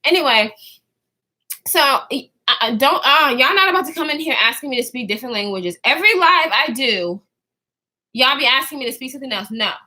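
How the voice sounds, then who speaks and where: A woman's voice: high-pitched, animated, a little fast, bright, forceful tone. A woman in her twenties telling a story to her viewers in a casual, slangy way, swearing freely and often trailing off to restart.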